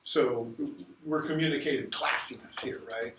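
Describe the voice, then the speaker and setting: A man's voice: mid-range voice, measured pace, a bit bright, a little hiss or hum. Man, middle-aged, casual rambling lecture, echoey room, distant mic. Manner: casual, digressive, many fillers and restarts. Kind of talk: university lecture. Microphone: recorded from a distance in the room. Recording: roomy echo from a distant mic.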